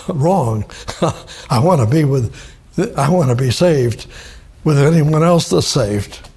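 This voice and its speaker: Preacher, male, husky and fairly high-pitched, emphatic and repetitive delivery. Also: animated, takes it slowly, a little mellow. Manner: emphatic, repeats key words. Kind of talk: sermon, Bible study.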